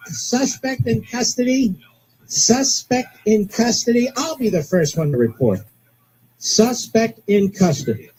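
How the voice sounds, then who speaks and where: A man hosting live talk radio, relaying a police scanner in an excitable, ranting manner. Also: medium pitch, a little hiss or hum, rough recording. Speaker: radio talk show host.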